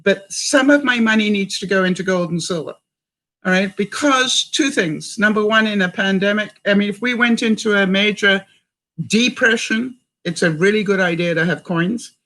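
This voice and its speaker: A woman's voice: medium pitch, normal speed, a bit bright. An older woman from Canada chatting in a livestream, reading viewer comments and coaching her audience with questions. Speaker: vlogger.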